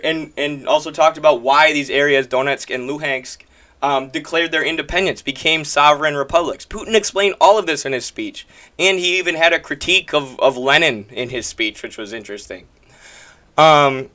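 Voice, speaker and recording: Bright-voiced, emphatic male commentator. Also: medium pitch. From American Midwest. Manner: emphatic, repetitive, combative. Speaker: political commentator. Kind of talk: political commentary video.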